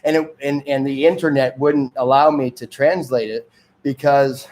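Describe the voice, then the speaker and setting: A man's voice: mid-range voice, steady tone, normal speed, darkish tone. Rambling, chuckling man from Detroit. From Detroit area, Michigan. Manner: digressive, chuckling often, trailing off and restarting. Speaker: host of a homemade magazine show. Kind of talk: rambling casual monologue.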